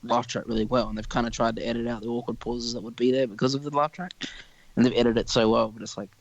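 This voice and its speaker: Young man, gravelly voice, profane, opinionated rant, casual podcast chat. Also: medium pitch, flat delivery, fast talker, dull audio. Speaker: podcast co-host.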